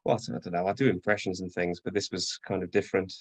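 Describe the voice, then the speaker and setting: A man guesting on a podcast, pausing often and searching for his words. His voice is low and the recording is dry and close. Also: steady tone, husky, no room sound. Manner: hesitant, many fillers. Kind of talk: casual chat.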